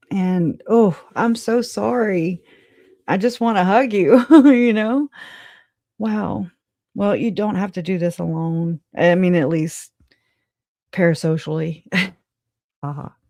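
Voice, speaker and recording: A woman's voice: sits low, darkish tone, no room sound. Woman, live-stream host, chatty, laughs a lot, dry close sound. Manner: chatty and loose, laughing often, casual swearing. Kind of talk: casual live-stream chat with viewers. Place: home.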